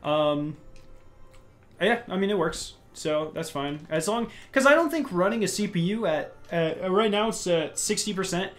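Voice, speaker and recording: A man's voice: high-pitched, animated, moderate pace, soft background music. A young man hosting a casual gaming podcast from home, rambling upbeat with many restarts. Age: young adult. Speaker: podcast host.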